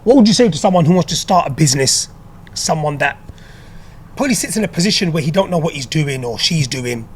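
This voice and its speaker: A man's voice: on the high side, expressive, a little hiss or hum. A man with a London accent hosting a podcast, talking casually and peppering his speech with "bro" and "bruv". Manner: quick, slangy, calls guest bro and bruv. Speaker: podcast host.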